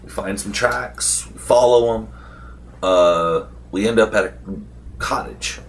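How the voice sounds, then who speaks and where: Slow, low-voiced man rambling through a game recap. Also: slight background noise. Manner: loose storytelling with many fillers and restarts. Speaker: vlogger recapping a tabletop game session.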